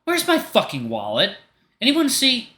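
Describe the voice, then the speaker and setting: Furious young blue jay bird-man, voiced by a man, snarling, bright and echoey. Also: very high voice, normal speed, voice pushed up, exaggerated voice. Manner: shouting, snarling, cursing. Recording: roomy echo.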